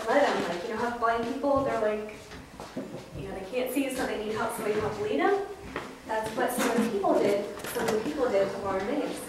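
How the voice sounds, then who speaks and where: A young woman student teacher telling a Bible story to first graders, animated, acting out voices and prompting the children. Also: a little high. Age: young adult. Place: school classroom. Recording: echoey room from far off with noise.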